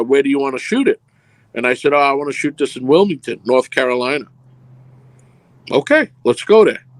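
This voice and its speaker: Interviewed in a casual storytelling style, a middle-aged film producer wanders through long anecdotes and performs their dialogue. His voice is on the high side, and there is no room sound.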